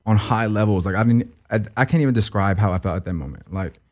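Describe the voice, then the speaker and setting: A young man as an interview guest, talking emotionally in a halting, profane way that stumbles and repeats. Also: lowish voice.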